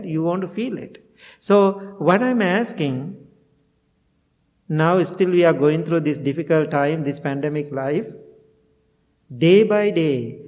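In a temple meditation hall, a middle-aged Buddhist monk gives a heartfelt storytelling dharma talk, now and then laughing at himself. His voice is a little high with a darkish tone, and the recording carries long hall reverb.

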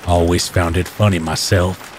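A man voicing a sinister older captor who guards a killer elf, speaking low, slow and calmly menacing. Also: slight background noise, lightly acted. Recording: faint rain bed behind the voice.

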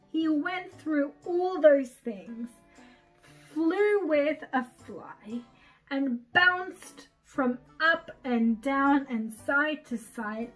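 Young Turkish-accented woman storyteller, animated, gentle, faint music bed. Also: high voice. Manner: expressive, sing-song, slow and gentle. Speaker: children's storyteller. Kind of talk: children's read-aloud storytime.

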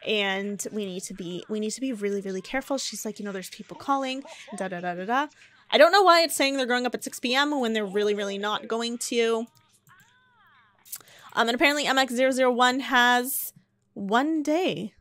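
A woman's voice: fairly high pitch, fairly bright tone, dry recording. A young woman casually narrating a life-sim game story, chatty and rambling with lots of fillers. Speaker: let's play narrator.

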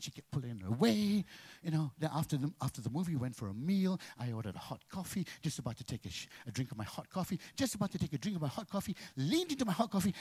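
A man from Malaysia, performing an animated stand-up routine on a comedy contest stage and jumping into high, exaggerated voices. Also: slightly rough, no echo.

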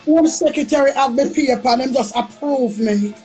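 A woman's voice: high-pitched, moderate pace, warm tone, soft background music. A woman with a Jamaican accent chatting on a live stream, playful and boastful, repeating phrases in a sing-song chant. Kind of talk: casual live-stream chat.

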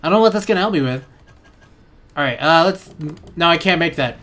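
A young man narrating his horror game playthrough, swearing often and yelling at enemies. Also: on the high side, lively intonation, brisk. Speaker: gaming YouTuber. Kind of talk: let's play commentary.

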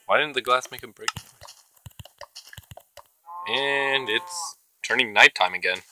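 A man's voice: mid-range voice, takes it slowly, bright, forceful tone, slight background noise, poor audio. A man hosting his own gaming channel, giving casual, chatty commentary as he plays and talking to the creatures in the game. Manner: chatty, talks to himself and the game mobs.

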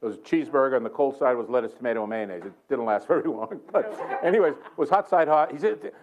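Guy preaching at church, laughs a lot telling his story, middle pitch, kinda muffled lo-fi sound. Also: lively intonation, fast talker, hardly any pauses. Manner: chuckling, playful, self-mocking storyteller. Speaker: guest preacher. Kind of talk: storytelling sermon. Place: church sanctuary.

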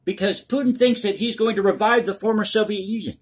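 Male commentary host with a high, husky voice, blunt and crass in his opinions. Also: fairly quick.

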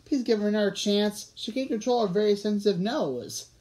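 A kind, caring young woman, read aloud by a woman. She speaks gently, pleading on behalf of a friend. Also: mid-range voice, a little fast, close to an everyday voice, low-quality recording.

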